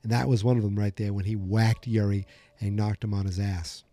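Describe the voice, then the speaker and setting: A man's voice: on the low side, steady tone, fairly quick, warm tone, no echo. A man hosting a podcast, recapping an episode in a chatty, rambling way and correcting himself as he goes. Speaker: podcast host. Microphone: desk microphone.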